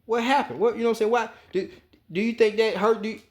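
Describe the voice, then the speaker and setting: High-voiced man ranting about sports. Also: steady tone, quick pace. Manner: emphatic, profane, repetitive storytelling. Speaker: sports commentator. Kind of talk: opinionated sports rant.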